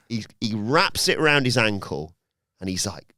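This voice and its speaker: Male podcast host, lively swooping pitch, smooth clear voice, dry close sound, casual storytelling with acted quotes. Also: moderate pace, dry recording. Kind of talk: casual wrestling review chat.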